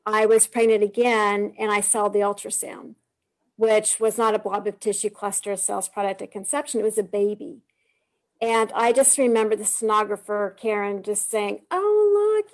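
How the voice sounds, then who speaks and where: A woman in her forties giving an earnest, heartfelt personal testimony on a video call, telling her story with frequent restarts. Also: medium pitch. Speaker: guest sharing her testimony. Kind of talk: emotional personal testimony on a live stream.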